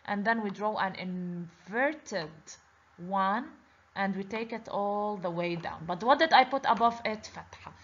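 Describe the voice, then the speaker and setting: A woman's voice: medium pitch, a little slow. A woman teaching a children's lesson on letters, patiently repeating each word and asking the class questions. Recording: dull lo-fi recording.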